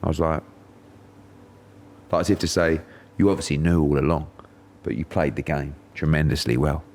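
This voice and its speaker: A man's voice: very deep voice, fairly even intonation, normal speed, darkish tone. A middle-aged man from England, a podcast guest telling a story in casual chat and acting out quotes in raised voices.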